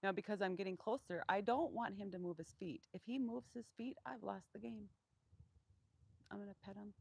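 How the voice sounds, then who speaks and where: A woman training a wild donkey in an outdoor pen, speaking calmly and keeping her voice deliberately monotone as she explains each step. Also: vocal fry, rough recording. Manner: calm, low-key, deliberately monotone. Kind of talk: live training demonstration.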